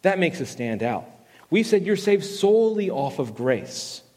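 An animated man preaching a sermon, his voice pitched a little high and swinging widely as he tells a story and jokes about himself. The sound rings with the long reverb of a big hall. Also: measured pace. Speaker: fill-in preacher.

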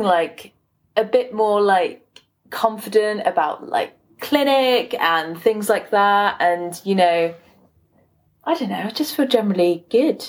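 A woman's voice: mid-range voice, lively intonation, takes it slowly. A woman co-hosting a student podcast, chatting in a bubbly way with lots of fillers. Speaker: podcast co-host, osteopathy student. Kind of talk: casual chat.

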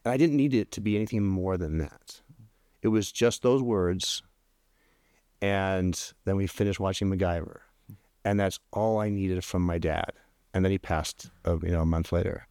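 A middle-aged man shares a personal story as a podcast guest, speaking haltingly with many restarts and ums. His voice sits on the low side, recorded close and dry with no room echo. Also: a little mellow. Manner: halting, repeats words, frequent ums, emotional.

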